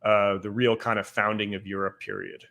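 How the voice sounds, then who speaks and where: A man's voice: fairly low pitch, little pitch movement, normal speed, gravelly, fairly bright tone. A young adult man from the Northeastern United States, a podcast guest explaining things in a loose, casual way full of "like".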